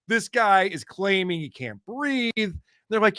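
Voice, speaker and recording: A male host gives joking, sarcastic commentary on police clips in a high, bright voice. The recording is dry and close. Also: expressive, takes it slowly, dry recording. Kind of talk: casual commentary on police videos.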